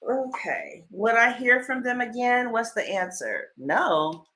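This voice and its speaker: Animated, chatty woman tarot reader. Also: on the high side, slow pace. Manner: animated storyteller, blunt and swears freely. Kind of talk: casual livestream chat and tarot reading.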